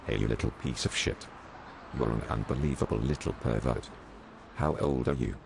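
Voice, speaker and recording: A man voicing an angry, bullying male policeman who barks insults and threats in a gruff, low voice. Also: moderate pace, noisy background, heavily acted.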